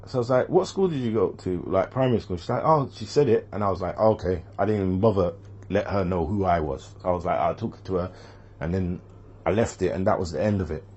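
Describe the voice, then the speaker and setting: A man tells a personal story in a loose, rambling way. He goes back over the same points and acts out what people said to him. His voice sits low and has a husky grain. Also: fast talker, darkish tone. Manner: rambling, repeats himself, quotes others.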